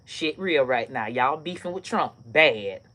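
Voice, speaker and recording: A woman hosting a casual comedy live stream, telling stories and ranting in a loose, profane, animated way with bursts of laughter. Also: extremely low pitch, a little slow. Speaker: online comedy host.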